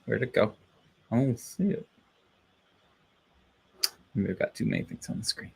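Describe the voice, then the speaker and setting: A man's voice: mid-range voice, normal speed, creaky, long pauses, a little mellow, breathy edge. A man chatting casually on a live stream, rambling and cheering himself on with frequent laughs. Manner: rambling, self-encouraging, laughs often.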